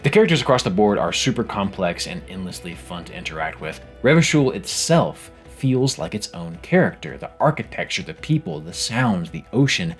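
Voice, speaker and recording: Lively low-voiced man reviewing games. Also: normal speed, hardly any pauses, soft background music. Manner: animated, wry and self-mocking. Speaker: game video creator. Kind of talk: scripted game review narration.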